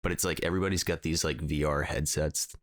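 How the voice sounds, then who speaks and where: A man's voice: a bass voice, steady tone, fast, dry recording, studio quality. A young man co-hosting a podcast, chatting casually and rambling with lots of fillers. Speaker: podcast co-host. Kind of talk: casual chat.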